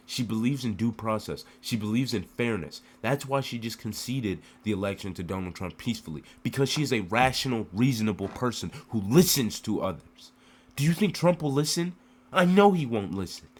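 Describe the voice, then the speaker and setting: Impassioned man ranting to camera. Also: mid-range voice. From United States. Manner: emotional, rhetorical questions, repetitive cadence. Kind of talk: impassioned political rant to camera.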